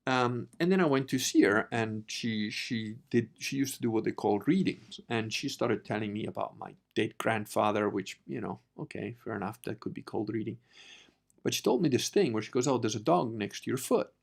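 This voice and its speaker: A man from Italy hosting a podcast, telling a personal story in a casual, profane, animated way that moves between quiet asides and loud bursts. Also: on the low side, normal speed, creaky. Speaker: podcast host.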